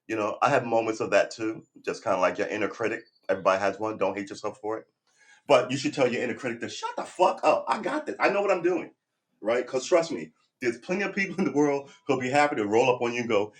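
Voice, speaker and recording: A man's voice: medium pitch, lively intonation, quick pace. A middle-aged man livestreaming his guitar practice from his sofa at home, chatting casually into a nearby desk mic with rambling, self-deprecating, profane pep talk. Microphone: desk microphone close by.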